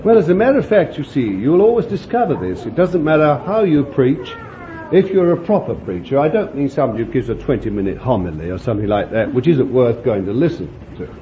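A man preaching a conversational sermon, rambling warmly with chuckles and fond asides to his listeners. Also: medium pitch, big pitch swings, fairly quick. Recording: dull lo-fi recording with faint hiss.

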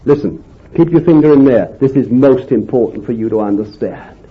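A man preaching a fervent sermon, swinging between loud exclamations and quiet asides. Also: medium pitch, normal speed. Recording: dull lo-fi recording.

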